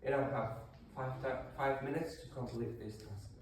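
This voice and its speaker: A man's voice: mid-range voice, fairly even intonation, moderate pace, a little hiss or hum. A male English teacher leading a classroom lesson, explaining step by step with fillers and restarts. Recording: very echoey room, voice far from mic.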